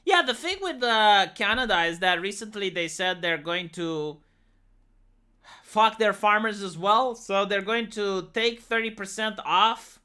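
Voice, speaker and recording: A woman's voice: medium pitch, a little slow, sharp tone, smooth. A woman from Romania, ranting on a casual livestream, swearing often and restarting her sentences. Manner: profane, exasperated, many restarts and fillers.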